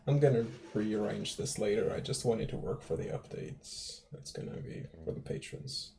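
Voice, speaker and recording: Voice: mid-range voice, normal speed, dark tone. A game developer on a casual stream, thinking aloud while working at the computer. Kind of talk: casual dev stream chat. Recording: clear background music.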